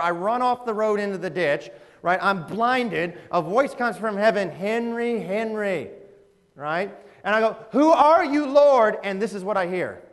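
A man with a high-sitting voice preaches a sermon in a church, animated and conversational, often laughing and putting questions to the audience. The recording has an echoey hall reverb.

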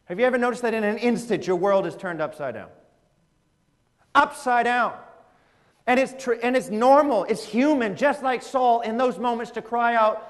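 A man preaching a sermon in a church, animated and conversational, often laughing and asking the audience questions. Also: very high voice, normal speed. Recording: echoey hall reverb.

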